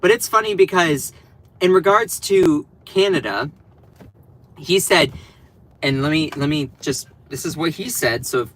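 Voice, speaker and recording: A man's voice: a little high, expressive, a little slow, a bit bright. A man giving casual political commentary on his stream. He rambles and stops himself to restart as he mocks what he is reacting to. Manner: rambling and sarcastic, with many restarts.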